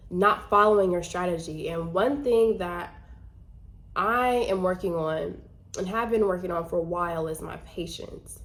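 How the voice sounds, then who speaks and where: Woman vlogger, casual and earnest, chatty delivery with many fillers. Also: lowish voice. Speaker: vlogger and trader. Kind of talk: casual talk to camera.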